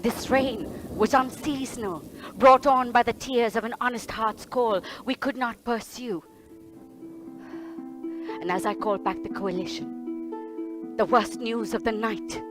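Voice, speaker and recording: A woman's voice: on the high side, a little slow, pauses often, music in the background, natural voice. A woman playing a bumbling, blustering hunter, speaking Indian English in a fussy, rambling, repetitive way. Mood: grim. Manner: fussy, rambling, repeats herself. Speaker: solo stage performer. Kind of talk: one-woman stage play.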